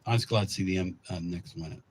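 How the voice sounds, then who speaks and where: A man's voice: deep voice, fast, slight background noise, rough recording. A male sports talk radio host who talks in a blunt, emphatic, folksy way.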